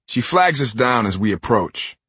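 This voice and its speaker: Husky male audiobook narrator. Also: medium pitch, moderate pace, no echo. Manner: expressive, voices every character. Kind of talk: first-person scripted narration.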